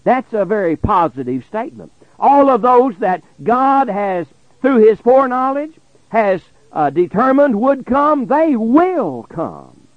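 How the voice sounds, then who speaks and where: A man preaching a Bible sermon on the radio, reading verses slowly and stressing key words, dropping his voice low at the end of phrases. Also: big pitch swings, no echo, lo-fi sound. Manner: slow emphatic preaching, drops low at phrase ends.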